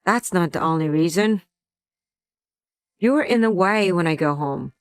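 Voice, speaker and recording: A woman's voice: fairly low pitch, expressive, a little slow, smooth, no room sound. A woman voicing a resentful adult husband who talks in a curt, contemptuous way in a scripted drama. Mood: cold.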